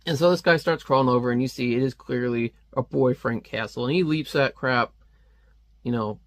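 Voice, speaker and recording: A man talking through a comic in casual, offhand commentary, wandering between thoughts and leaning on plenty of fillers. His voice sits at an ordinary middle pitch. The recording is dry and close, with no reverb. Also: moderate pace. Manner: rambling, offhand, with frequent fillers. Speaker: comic reviewer.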